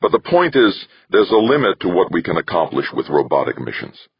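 A man voicing a calm, deliberate male station director in an audiobook reading. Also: low voice, slightly rough, no room sound, voice pushed up, heavily acted. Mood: persuasive. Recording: dull, dry lo-fi recording.

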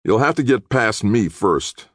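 A man's voice: on the low side, lively intonation, a little slow, fairly bright tone, husky, no room sound, clean studio sound, pitched above the performer's own voice, exaggerated voice. Blunt tough fighter, read by a male narrator. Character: tough, disgusted man fighter.

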